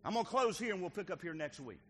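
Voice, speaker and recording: High lively preacher with swinging volume. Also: male voice, quick pace, breathy edge, in a large hall. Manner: swings from quiet teaching to shouted exhortation. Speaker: pastor. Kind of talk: sermon. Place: church.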